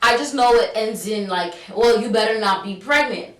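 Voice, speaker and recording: This vlogger, a young New York woman, tells an animated story in loose slang, voicing the dialogue herself. Her voice leans high and moves at normal speed, heard from a distance in a roomy space.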